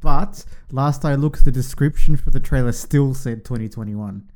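A man's voice: medium pitch, normal speed, warm tone. A man in a casual chat, matter-of-fact and pointing out details.

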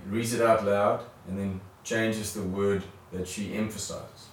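A man's voice: on the low side, steady tone, unhurried, a little hiss or hum. A man sharing in a church study group, hesitant, often restarting and repeating words. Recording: very echoey room from far off.

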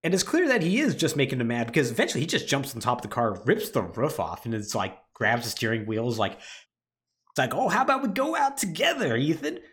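A man on a podcast, retelling a video game's plot with a lively, swinging pitch. He breaks into quick put-on voices for the characters and keeps the chat relaxed and loose. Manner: animated storyteller acting out characters' lines. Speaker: podcast co-host. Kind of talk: casual game recap chat.

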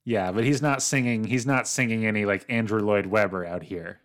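A man's voice: fairly low pitch, steady tone, brisk. A man co-hosting a podcast in casual chat, joking and laughing often. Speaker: podcast co-host.

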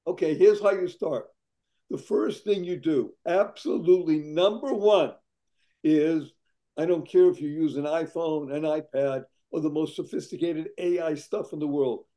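A hoarse man talking as a podcast guest, exuberant and playful, spelling words out. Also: a little high, normal speed, dark tone. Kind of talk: casual podcast chat.

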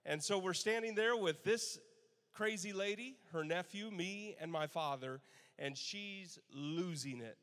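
A man in his thirties preaching a Father's Day sermon, storytelling with bursts of laughter and acted-out quotes. His voice sits high for a man. The sound carries a long reverb from the church sanctuary. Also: measured pace, fairly bright tone. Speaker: pastor.

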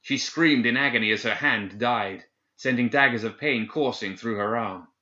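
A man narrating a dark fantasy story in a measured, dramatic reading. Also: medium pitch, reverberant. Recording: dull lo-fi recording.

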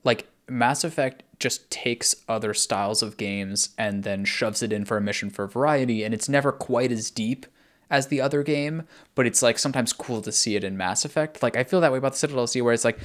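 A man co-hosting a podcast, talking in an animated way full of fillers. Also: medium pitch, brisk. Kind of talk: casual chat.

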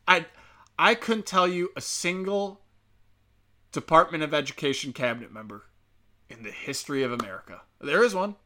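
A man with a fairly high, bright voice and a forceful tone delivers a heated, profane rant. Sarcastic throughout, he speaks straight to his listeners, mocking and scolding them.

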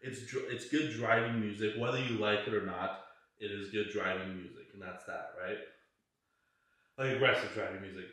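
A man's voice: on the low side, steady tone, moderate pace, a bit bright. A man co-hosting a podcast, chatting casually in a crude, rambling way full of swearing and fillers. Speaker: podcast co-host. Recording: very roomy, echoey room.

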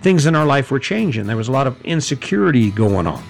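Energetic man giving a motivational talk. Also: medium pitch, quick pace, creaky, faint music behind. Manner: energetic, conversational, with self-corrections. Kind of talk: motivational monologue.

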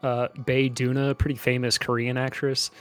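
A man talks loosely through a casual podcast chat, with lots of "like" and "uh" as he goes. His pitch sits in a middling range. Soft music plays faintly underneath. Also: little pitch movement, normal speed, smooth. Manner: chatty, loose, full of "like" and "uh" fillers. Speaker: podcast co-host. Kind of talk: casual chat about a movie.

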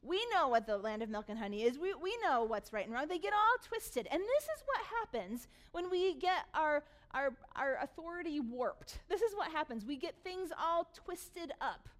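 A woman pastor giving a sermon, retelling scripture in animated, casual voices and speaking directly to the congregation. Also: high voice, normal speed, few pauses.

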